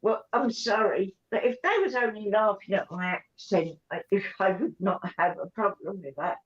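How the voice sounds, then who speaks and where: A woman on a live panel, upset and tearful, talking haltingly with many ums and restarts. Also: medium pitch, lo-fi sound. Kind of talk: emotional casual chat.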